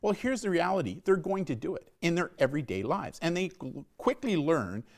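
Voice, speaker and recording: A man's voice: a little high, sing-song, fairly quick. A middle-aged man giving a live online safety talk to parents, emphatic and often tagging his points with "right?". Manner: emphatic, repeats "right?" as a tag.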